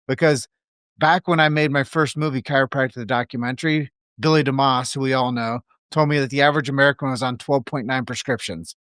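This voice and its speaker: A man hosting a casual podcast who steps in with firm points and then turns to question his guest. His voice sits at a middle pitch. It sounds dry and close to the mic. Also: a bit bright, no room sound. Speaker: podcast host.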